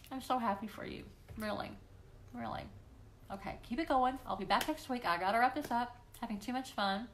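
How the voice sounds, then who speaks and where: A woman hosting a weekly live question-and-answer stream, talking casually and encouragingly to viewers and playfully acting out voices. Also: fairly high pitch. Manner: playful, encouraging, often acts out quoted voices. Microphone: livestream computer microphone.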